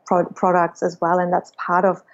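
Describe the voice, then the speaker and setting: A woman's voice: fairly low pitch, completely flat delivery, moderate pace, dull audio. A woman guest on a podcast, telling personal stories in a reflective, spiritual way. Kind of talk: personal storytelling in conversation.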